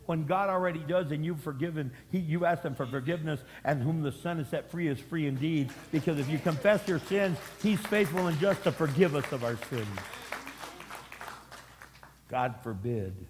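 A middle-aged male pastor preaches in a fairly high voice, repeating his phrases as he builds them up. The sound is recorded in a church hall, and a long reverb trails behind each line. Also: lively intonation, normal speed, a faint crowd, a little hiss or hum. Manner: repetitive, dramatic preaching. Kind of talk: sermon.

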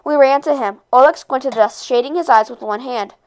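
A woman reading a novel aloud, expressive, with occasional slips and rereads. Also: sits high, brisk. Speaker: read-aloud narrator.

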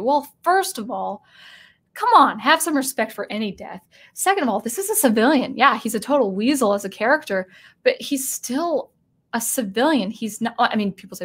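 Brief: woman host, casual commentary, somewhat high pitch, animated with restarts. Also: brisk, breathy edge. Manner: animated, acts out quoted lines, frequent restarts.

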